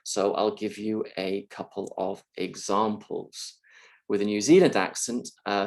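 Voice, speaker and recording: Male university lecturer with a low, gravelly voice, steady and clear in his explanations. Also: poor audio. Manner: clear, measured explaining with occasional fillers. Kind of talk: recorded lecture.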